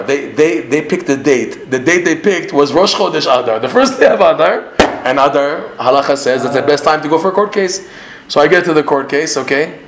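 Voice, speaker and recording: A man with a Canadian accent gives an animated Torah class, quoting Hebrew and then explaining it. His voice sits a little high. The room is echoey and has a faint hiss behind him. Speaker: Torah teacher.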